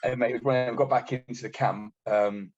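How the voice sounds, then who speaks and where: A British army veteran telling war stories in a casual, blunt and sweary way, acting out what others said. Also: male voice, mid-range voice, steady tone, fairly quick, darkish tone. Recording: dull lo-fi podcast audio.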